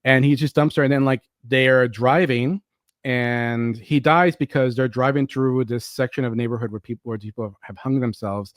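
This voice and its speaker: A man hosting a podcast, chatting casually about a movie and telling stories with lively energy and frequent swearing. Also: medium pitch, moderate pace, no echo, clean studio sound. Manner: animated storyteller, swears, acts out quotes. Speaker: podcast host. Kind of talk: casual movie review chat.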